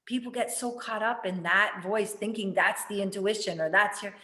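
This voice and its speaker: A woman's voice: mid-range voice, moderate pace, bright, forceful tone, echoey room. A woman hosting a casual spiritual chat, rambling and chatty, with lots of fillers and casual swearing. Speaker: spiritual talk host.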